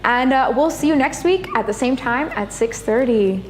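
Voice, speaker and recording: A woman's voice: high-pitched, normal speed, long reverb tail. A woman hosting a live cosplay stream, chatty and laughing at herself as she wraps up. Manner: chatty, laughing, self-deprecating. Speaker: host. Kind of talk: casual chat, live stream sign-off. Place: streaming studio.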